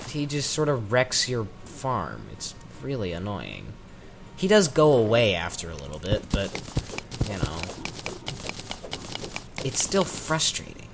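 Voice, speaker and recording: A man's voice: low-pitched, creaky, noisy background. A man from the American South giving rambling, chatty let's-play commentary with self-mocking asides, talking into a desk microphone. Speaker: gaming commentator.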